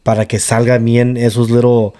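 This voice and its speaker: Bilingual male co-host, mellow tone, loose, profane casual chat. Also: mid-range voice, little pitch movement, fairly quick. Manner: switches between English and Spanish mid-sentence, swearing freely. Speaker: podcast co-host.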